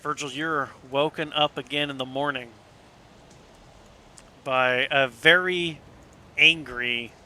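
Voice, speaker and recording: A man's voice: a little high, steady tone, slow, long pauses, sharp tone, a little hiss or hum. A man narrating as game master for a tabletop game in a loose, casual way, with many fillers and some swearing.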